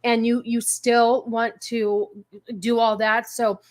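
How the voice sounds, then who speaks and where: A woman's voice: a little high, little pitch movement, slow. A woman co-hosting a casual chat stream, hesitant, with many ums and restarts. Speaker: co-host.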